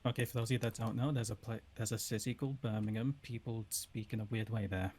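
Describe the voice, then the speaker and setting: A mid-pitched voice speaks haltingly, with plenty of likes and ums, in a relaxed group chat about accents. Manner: hesitant, many fillers.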